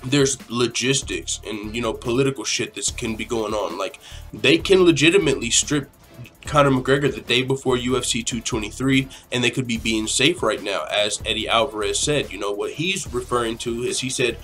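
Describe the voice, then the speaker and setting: A man in his twenties hosts a casual podcast question-and-answer session, his voice sitting at a middling pitch. He rambles, curses freely and airs strong opinions. Faint music plays softly in the background. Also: moderate pace. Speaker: podcast host.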